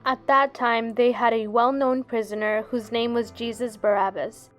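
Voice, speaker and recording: A woman giving a steady, solemn scripture reading. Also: on the high side, moderate pace, faint music behind. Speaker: scripture reader.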